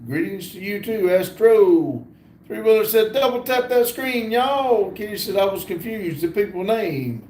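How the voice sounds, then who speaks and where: A middle-aged Southern man with a high voice reads his live chat aloud slowly and easily, dropping in plenty of "uh"s. His phone's sound is echoey and roomy, and he is outside. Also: lively intonation, darkish tone. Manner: slow and easygoing, reads names and comments with many "uh" fillers. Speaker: livestream host. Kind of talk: casual live stream, reading chat aloud. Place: outdoors.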